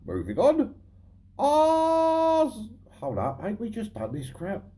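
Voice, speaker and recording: A man's voice: a little high, wildly swooping pitch, moderate pace, mellow. A man hosting a scripted comedy football show, cheeky and sarcastic, swearing often. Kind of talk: scripted comic commentary.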